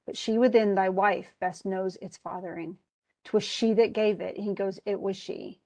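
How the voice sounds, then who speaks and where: A woman teaching literature, retelling a tragedy and reading its lines aloud, with lively storytelling and many restarts. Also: mid-range voice, unhurried. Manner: animated storytelling, reads quoted lines aloud, frequent restarts. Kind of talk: lecture retelling a play.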